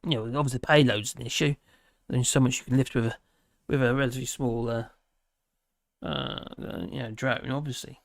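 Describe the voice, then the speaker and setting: A man's voice: mid-range voice, brisk, creaky, no echo, studio quality. A man hosting a casual livestream, reading viewer comments aloud and rambling with many fillers and restarts. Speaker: livestream host.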